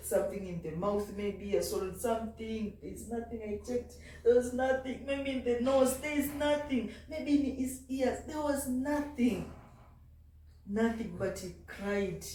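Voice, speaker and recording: A woman's voice: medium pitch, warm tone, a little hiss or hum. A woman, a mother, chatting casually in a home vlog, sounding tired and talking to her baby in between. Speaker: vlogger and mother. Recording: echoey room, mic at a distance.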